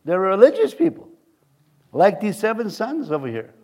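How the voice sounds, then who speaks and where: A man's voice: sits high, huge pitch swings, normal speed, a little mellow. Joking man preaching a sermon. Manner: joking and rambling, laughs often at his own stories. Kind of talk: conversational sermon. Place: church before a congregation.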